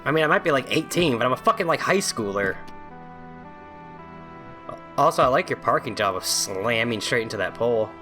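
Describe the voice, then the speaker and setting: A man's voice: mid-range voice, expressive, moderate pace, pauses often, pushed and bright. Profane, sarcastic gamer guy with game music. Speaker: video game let's play host. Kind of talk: casual gameplay commentary, reading game text aloud.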